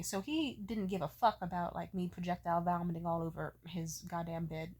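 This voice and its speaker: A young woman vlogger telling a casual, profane story with animated energy. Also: lowish voice, fairly quick, hardly any pauses.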